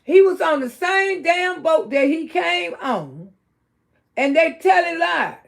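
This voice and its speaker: A middle-aged woman with a Southern US drawl talks straight into her livestream, blunt and outspoken. Her high voice has a heavy gravelly fry running all through it. She sinks to a low mutter and then climbs back up to loud exclaiming. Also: expressive, takes it slowly. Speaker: livestream host. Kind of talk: casual livestream commentary.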